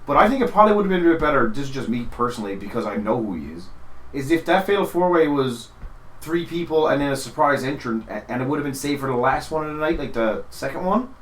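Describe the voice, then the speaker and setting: Fast-rambling man in an echoey room. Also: medium pitch, big pitch swings. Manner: rambling, many restarts and "like" fillers. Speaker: podcast co-host. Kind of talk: casual wrestling chat.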